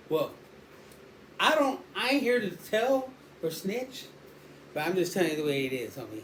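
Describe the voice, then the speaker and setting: A man's voice: sits high, expressive, moderate pace, pauses often, a bit bright. A man telling a rambling, slangy street story in a casual way. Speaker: storyteller guest. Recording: roomy echo, faint background noise.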